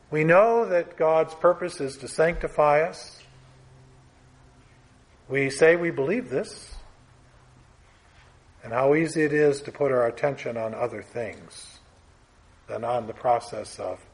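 A man preaching a sermon in a measured, emphatic way, letting his voice fall away softly at the end of phrases. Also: on the high side, husky.

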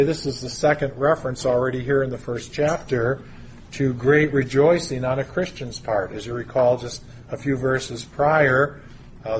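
A man with a mid-range voice preaches a sermon, teaching through a Bible passage in a measured way. He pauses and stresses words, with slight background noise present.

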